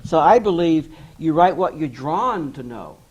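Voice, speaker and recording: A middle-aged man with a somewhat high voice tells his own life story to an audience. He is candid and self-deprecating and acts out the people he quotes. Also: animated, a little slow, a little mellow, slightly rough, muffled recording. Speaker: author giving an address. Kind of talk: personal storytelling speech.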